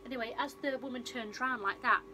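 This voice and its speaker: A woman's voice: on the high side, fairly even intonation, fairly quick, background noise. A woman chatting on her vlog, rambling through a film plot with lots of fillers and restarts, recorded on a phone. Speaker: vlogger and film reviewer. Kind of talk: casual retelling of a film plot.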